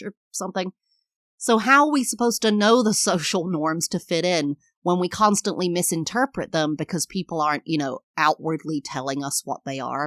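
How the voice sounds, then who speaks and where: Low-voiced English woman, candid podcast talk. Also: dry recording, studio quality. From England. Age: 30s. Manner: candid, reflective, acts out lively sing-song quotes. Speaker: podcast host. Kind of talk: personal solo podcast talk.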